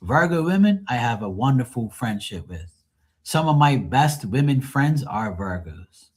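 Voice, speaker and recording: A man's voice: medium pitch, big pitch swings, measured pace. A man hosting a live tarot stream, chatting casually with viewers in a blunt, profane, rambling way. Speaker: tarot reader and livestream host. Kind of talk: casual livestream chat with viewers.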